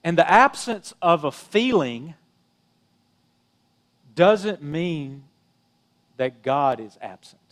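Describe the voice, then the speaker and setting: A middle-aged man with a notably high voice delivers a sermon. He keeps it conversational, full of "you know" asides. His emphasis rises on key phrases and falls to near-hushed endings. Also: very animated, slow, pauses often. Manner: conversational preaching, rising and dropping emphasis, frequent "you know". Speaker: pastor.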